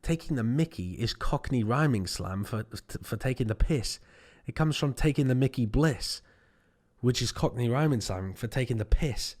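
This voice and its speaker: A man in his thirties, a streamer riffing through deadpan, rambling tangents while reading chat. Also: mid-range voice, normal speed. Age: 30s.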